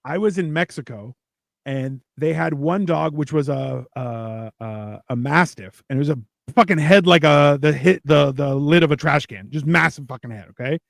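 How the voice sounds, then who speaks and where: A man with a gravelly, slightly high voice hosts a loose, swearing-heavy chat and rambles through his stories. The sound is dry and close. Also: normal speed, no room sound. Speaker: podcast host. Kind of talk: casual chat.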